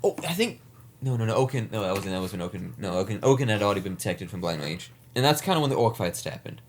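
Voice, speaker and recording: A man's voice: fairly low pitch, sing-song, fast, slight background noise. An American man telling a long story in casual chat, rambling with lots of fillers and restarts. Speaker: larp player recounting an event.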